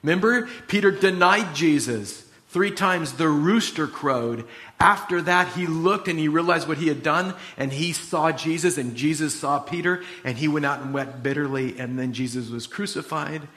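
A man preaching, reading scripture aloud and then retelling the story in a casual, animated way. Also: fairly high pitch, normal speed. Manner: animated storytelling, retelling scenes in quoted voices. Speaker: pastor.

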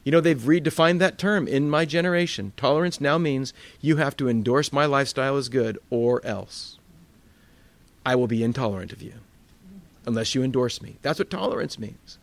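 A man's voice: mid-range voice, moderate pace, dry recording. Conversational man preaching a Bible study. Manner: conversational, rhetorical questions. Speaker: pastor. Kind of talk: sermon-style Bible study.

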